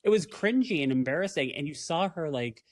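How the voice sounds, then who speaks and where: A man co-hosting a casual recap podcast, talking in an animated way, swearing and acting out quotes. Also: on the high side, fairly quick, dry recording. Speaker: podcast co-host.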